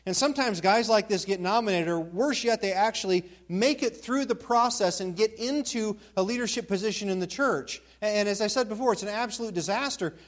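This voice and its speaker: A pastor preaching an expository sermon, repeating key words and asking rhetorical questions. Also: male voice, sits high, fairly quick, hardly any pauses.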